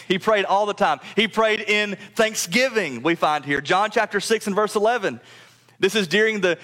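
A man preaching a sermon as pastor, pressing his points with emphasis, then dropping low and soft on key phrases, and sometimes stumbling over repeated words. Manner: repeats words when speeding up.

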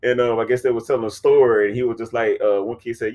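A man co-hosting a casual sneaker podcast, loud and profane, breaking into shouted laughing bursts, with speech. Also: medium pitch, fairly even intonation, quick pace, slight background noise. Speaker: podcast co-host. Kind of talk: casual chat.

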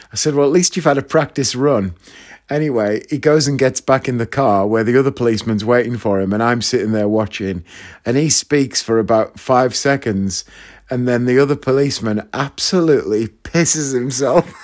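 Northeast england guy, comedian, just chatting through a funny story, middle pitched voice. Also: moderate pace. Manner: chatty, animated anecdote-telling with asides to listeners. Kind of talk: casual storytelling.

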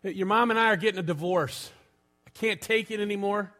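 Man playing grumpy older father, New York accent, blunt, raised pitch. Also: brisk, sharp tone. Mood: fed up. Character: grumpy older father fed up with his wife.

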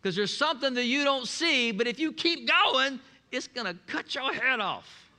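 A preacher man with a high, ringing voice, delivering a sermon full of folksy humor. He tells stories with a grin and calls the congregation to answer back. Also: expressive, moderate pace, bright, forceful tone. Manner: folksy, humorous storytelling with call-and-response. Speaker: pastor.

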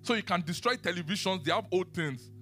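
A man preaching a sermon and teaching the Bible, animated, asking his listeners questions and laughing often. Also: sits high, fairly quick, soft background music.

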